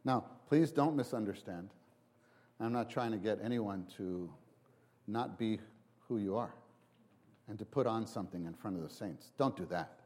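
A man preaching a sermon, halting and repeating himself, then acting out quotes with sudden big jumps in voice. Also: lowish voice, a little mellow. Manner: halting restarts, repeats words.

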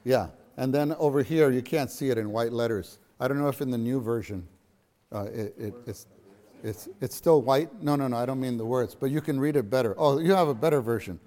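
A man's voice: medium pitch, brisk, mellow. A middle-aged man teaching a church lesson to a gathering, earnest and repeating phrases for emphasis.

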